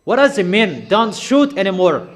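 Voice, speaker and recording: A man with a notably high voice delivers a sermon, hammering his points home through repetition. His delivery is declamatory and insistent. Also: very animated, normal speed. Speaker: preacher.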